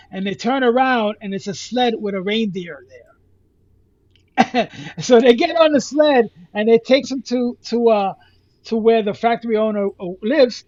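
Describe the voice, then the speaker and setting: High-voiced man rambling through a story. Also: a little mellow, dry recording, dull audio. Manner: rambling, halting retelling with many restarts. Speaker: podcast co-host. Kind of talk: casual retelling of a comic story.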